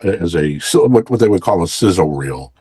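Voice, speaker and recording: Brief: deep-voiced male author, halting delivery, dry recording. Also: expressive, dark tone, slightly rough, no room sound. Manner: halting, with many fillers. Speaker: author guest. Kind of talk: interview conversation.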